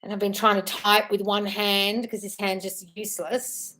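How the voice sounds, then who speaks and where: A woman's voice: mid-range voice, flat delivery, normal speed, bright, forceful tone, slight background noise. A woman hosting a casual live stream, chatting in a scattered, apologetic way while answering viewer comments.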